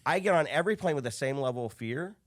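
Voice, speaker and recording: This guest speaks fast, his voice sitting on the high side. He's a business coach in his thirties from the Chicago area, telling stories in a casual podcast interview and animatedly performing the quoted dialogue.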